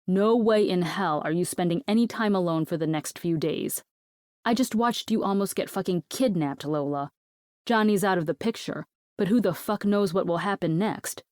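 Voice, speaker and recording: A woman's voice: on the low side, normal speed, a little mellow, no room sound, studio quality, close to an everyday voice. A woman voicing a cocky, protective young man. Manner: blunt, teasing, swears freely.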